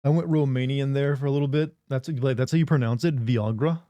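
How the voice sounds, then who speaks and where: A man riffing with his live chat in loose, joking banter. His voice is warm and mellow at a middling pitch. He is recorded close and dry on a desk mic. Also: steady tone, fast, clean tone, no room sound, muffled recording. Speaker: livestream host. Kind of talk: casual live-stream chat.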